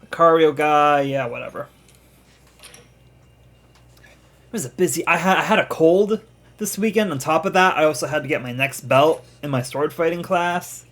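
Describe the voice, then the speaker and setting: Male let's player, a touch high, rambly, laughs a lot while he plays. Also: measured pace, long pauses, a bit bright. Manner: chatty, laughs often, trails off and restarts. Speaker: let's play streamer. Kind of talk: casual gameplay commentary.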